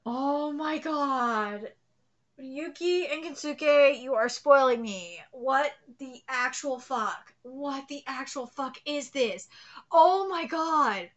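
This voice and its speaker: A woman with a high, bright voice gives live reaction commentary. She gushes in exclamations and swears freely. Her delivery is unhurried. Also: animated, lo-fi sound. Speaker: manga reaction host.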